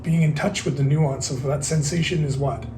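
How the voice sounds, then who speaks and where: Relaxed man musing aloud in an echoey room. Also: a little high, normal speed, slight background noise. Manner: relaxed, thinking aloud with frequent fillers and restarts. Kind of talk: casual conversational discussion.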